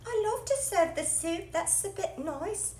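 A woman voicing an eager, sweet little female pet puppet in a squeaky, chirpy way. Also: lively intonation, unhurried, darkish tone, a little hiss or hum. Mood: delighted. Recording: echoey kitchen with faint clatter.

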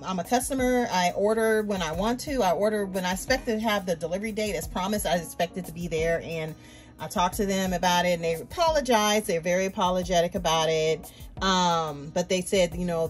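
A woman, a doll-collecting vlogger, venting to viewers in a chatty, emphatic casual rant. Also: medium pitch. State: tearful, emotional near the end.

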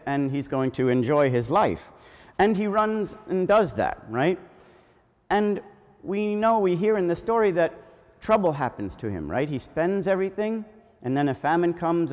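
Priest with a fairly high voice in a church. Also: male voice. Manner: animated storytelling, asks children questions. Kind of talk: children's homily at a family Mass. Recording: long church reverb.

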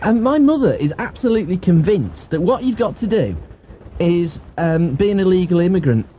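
A male radio host with a high, bouncy voice that swings up and down as he chats and jokes with callers on a late-night phone-in. The broadcast has a dull, lo-fi sound with a faint hiss underneath. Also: normal speed. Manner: chatty, jokey, animated. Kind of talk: casual radio phone-in chat.

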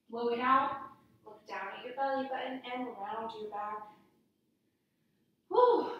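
A woman guiding children through a yoga lesson with gentle, playful cues. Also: high voice. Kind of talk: guided kids' yoga lesson. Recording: echoey room, somewhat far from mic.

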